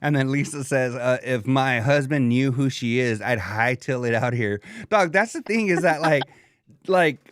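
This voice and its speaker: A man's voice: mid-range voice, measured pace. A man co-hosting a podcast in casual, slangy chat, laid-back and laughing often. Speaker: podcast co-host.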